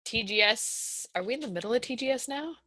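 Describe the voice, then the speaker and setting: Woman, podcast host, chatty, bright and forceful voice, dry close sound. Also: on the high side, lively intonation, brisk, dry recording. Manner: chatty, asks co-hosts questions. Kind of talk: casual chat.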